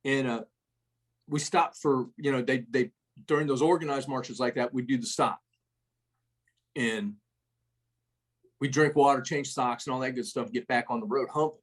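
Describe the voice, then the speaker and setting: A man's voice: medium pitch, normal speed, long pauses. A middle-aged man, a retired first sergeant, telling rambling, profane army stories as a podcast guest. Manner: rambling, profane, folksy storyteller. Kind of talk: casual storytelling interview.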